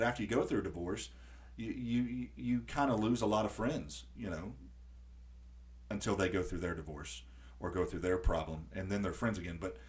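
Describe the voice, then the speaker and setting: Low-voiced man telling stories animatedly. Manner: animated storyteller acting out quotes. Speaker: podcast host. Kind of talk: casual conversation.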